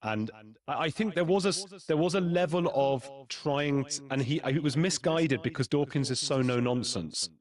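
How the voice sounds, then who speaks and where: A man's voice: on the high side, moderate pace. A man interviewing a guest in casual chat, speaking hesitantly and self-deprecatingly, with frequent restarts.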